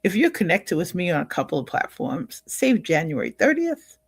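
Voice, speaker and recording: A woman's voice: lowish voice, big pitch swings, normal speed, breathy edge, no echo. An older woman hosting a livestream in a casual, upbeat way, often laughing and greeting viewers by name. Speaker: livestream host.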